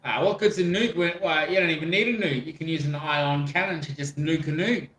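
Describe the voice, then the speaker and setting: A jokey man with a higher, bright, forceful voice, riffing in a casual chat. He sounds roomy and echoey. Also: a little fast.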